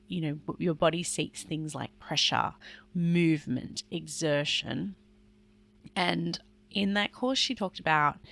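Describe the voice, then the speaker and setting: A woman's voice: low-pitched, creaky, a bit bright. A woman hosting a solo podcast, talking earnestly and explaining things in a chatty way with some fillers. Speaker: podcast host and parent.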